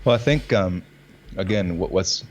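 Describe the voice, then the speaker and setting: A man's voice: deep voice, normal speed, slight background noise. A man and actor talking in a casual conversation, telling stories with energy and acting out lines in different readings. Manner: animated storytelling, acts out lines in different readings. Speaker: actor and guest.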